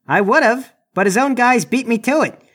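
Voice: mid-range voice, lively intonation, normal speed, a bit bright. A player in a tabletop game speaking in character, with a brash, cocky manner. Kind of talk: role-playing a character.

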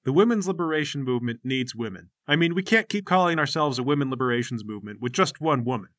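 A man's voice: mid-range voice, animated, fast talker, fairly bright tone, dry recording, studio quality, natural voice. A man voicing a pompous teenage boy who leads a gang, talking in a self-righteous, indignant way. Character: pompous teenage male cult leader.

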